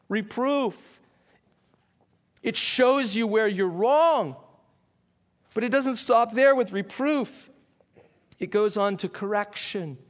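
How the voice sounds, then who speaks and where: A man preaching a sermon, earnest, asking the congregation questions and slowing down to stress key points. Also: high voice. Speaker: pastor.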